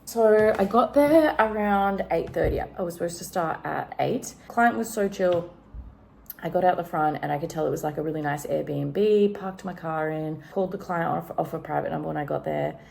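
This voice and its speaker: Low, gravelly Australian woman chatting. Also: normal speed, darkish tone, slight background noise. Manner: chatty, rambling storyteller, lots of fillers. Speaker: vlogger. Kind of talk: casual chat vlog. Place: at home.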